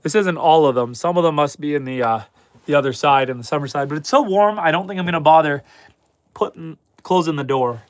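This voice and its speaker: A man's voice: on the high side, a little fast, no echo. Chatty man with a head cold. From Canada. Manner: chatty and upbeat, talks to chat and animals. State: head cold, stuffy and slightly hoarse. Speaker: homesteading livestream host. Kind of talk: casual livestream chat reading viewer comments. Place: chicken coop on a homestead.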